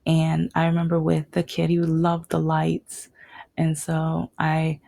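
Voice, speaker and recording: Gravelly low-voiced young woman storyteller. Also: completely flat delivery, takes it slowly, no echo. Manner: rambling with many restarts, dropping to a soft whisper at tender moments. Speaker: vlogger. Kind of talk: personal storytelling.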